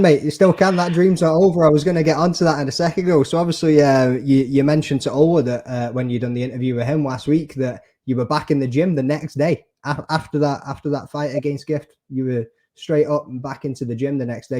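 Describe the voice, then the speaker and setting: Chatty man host, mellow voice. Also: fairly high pitch, steady tone, quick pace, hardly any pauses. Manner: chatty, encouraging, says "mate". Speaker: podcast host, interviewer. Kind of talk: casual interview questions.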